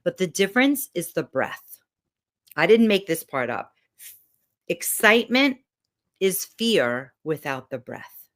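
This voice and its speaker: A woman's voice: on the low side, big pitch swings, slow, pauses often, a bit bright. A woman giving a motivational talk, guiding listeners through breathing and visualizing exercises. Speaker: motivational speaker.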